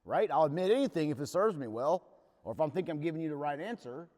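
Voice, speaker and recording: A fairly high-voiced man leads a recovery workshop. He talks candidly and plainly, like he's sharing his own story with the group. His voice rings out with a long reverb in a big meeting hall. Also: expressive, fast talker, darkish tone. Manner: earnest, plain-spoken storytelling.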